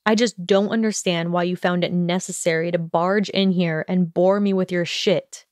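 A woman's voice: lowish voice, steady tone, moderate pace, a little mellow, dry recording, studio quality, lightly acted. A woman voicing a sneering, arrogant young wizard man who talks in a cold, snide, snapping way in an audiobook reading.

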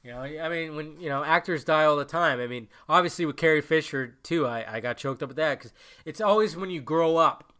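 A man's voice: fairly high pitch, brisk, bright, forceful tone. A young man hosting a casual solo podcast, rambling and emotional, cursing often as he talks. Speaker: podcast host.

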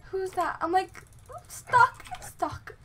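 A young woman hosting casual gameplay chat, excitable, swinging from mumbling to shouting. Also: very high-pitched, takes it slowly. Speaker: gaming channel host. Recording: keyboard clicks and typing noise.

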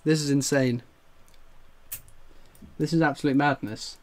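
A man's voice: medium pitch, unhurried. A man hosting a live stream, exclaiming and laughing as he goes. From England. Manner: exclaiming, laughing, breathless with excitement. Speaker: coin collecting streamer. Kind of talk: excited live stream commentary.

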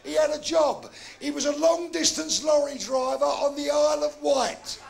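Stand-up comic, man, high gravelly voice, crude blunt punchlines. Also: fairly even intonation, normal speed, loud music behind the voice. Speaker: stand-up comedian. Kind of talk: live stand-up routine. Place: live club stage.

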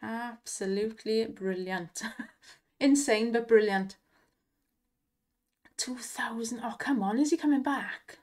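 Rich: A young woman reacts to slot wins with breathless delight, laughing and exclaiming in a slightly high voice. She drags out her words at an unhurried pace. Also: a little mellow. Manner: gushing, giggly, exclamatory. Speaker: slot video host. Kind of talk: excited commentary on slot wins.

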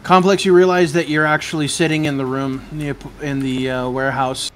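A man narrating as game master in a tabletop game, slow and measured. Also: on the high side, level tone, soft background music.

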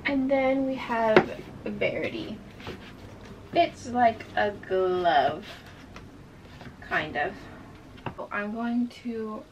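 Slow-talking woman with a highish voice, chatty book vlog, fan humming in the room. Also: noisy background. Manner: chatty, easily distracted, enthusiastic about books. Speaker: book vlogger. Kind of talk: casual chat. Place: bedroom with a running fan.

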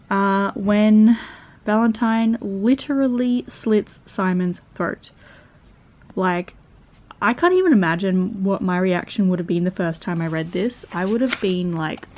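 A young woman with an Australian accent chatting casually in a book vlog, animated and laughing often. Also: medium pitch. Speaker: book vlogger. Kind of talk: casual reading vlog chat.

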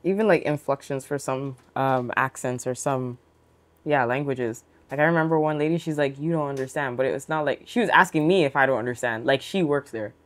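A podcast co-host giving lively, expressive commentary in a casual chat. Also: mid-range voice, a little fast.

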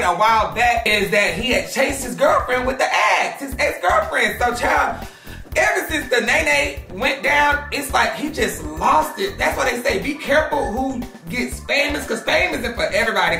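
A woman's voice: on the high side, sharp tone. A woman hosting a gossip vlog, talking casually and bluntly, sassy and profane. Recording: echoey room, off-mic, music underneath.

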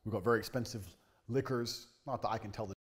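A man's voice: on the low side, steady tone, quick pace. A man giving a boastful, profane monologue to camera with a brash, swaggering manner. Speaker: man filmed talking about his lifestyle.

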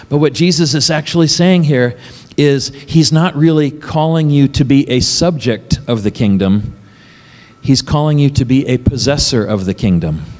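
A man's voice: on the high side, darkish tone. Conversational man preaching in a reverberant church. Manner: conversational, asks the congregation questions, laughs often. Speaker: pastor. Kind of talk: sermon. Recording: church hall with long reverb.

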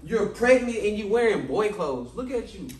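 A man's voice: sits high, very animated, normal speed, slight background noise. Young man, fed up and repetitive, plain middle voice, far from the mic in a roomy room. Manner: exasperated, keeps repeating that she should stop. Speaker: prank target, boyfriend. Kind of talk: casual argument.

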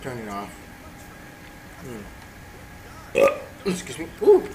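Over game music, a male let's play host takes things slowly, his mid-range voice swinging hugely in pitch. The recording is rough, and he muses to himself, reads game text out loud, and keeps his commentary loose and playful.

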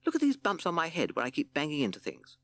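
A man's voice: fairly high pitch, wildly swooping pitch, fast, no echo, pitched above the performer's own voice. A man voicing a timid little male toad in a children's storybook reading, with piping, plaintive calls. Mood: complaining. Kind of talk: storybook character voice.

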